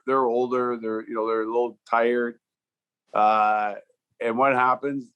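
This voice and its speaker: A man in his fifties, a former hockey player and coach, telling stories in an interview with a relaxed, rambling delivery and many fillers. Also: medium pitch. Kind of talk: storytelling in a podcast interview.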